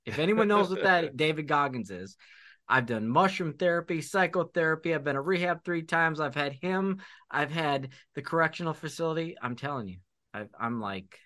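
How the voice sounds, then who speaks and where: Man, podcast guest, video call, candid, self-deprecating, bright forceful voice. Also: on the high side, lively intonation, normal speed. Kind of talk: casual video-call chat.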